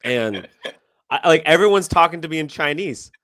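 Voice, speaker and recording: A man co-hosting a casual livestream chat, talking in an animated way with frequent restarts and swearing. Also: on the high side, normal speed, no room sound. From South Korea. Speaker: co-host.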